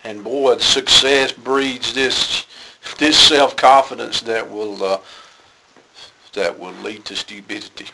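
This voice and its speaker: A man in a Bible study group, speaking haltingly with many fillers in casual discussion. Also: mid-range voice, steady tone, vocal fry, noisy background.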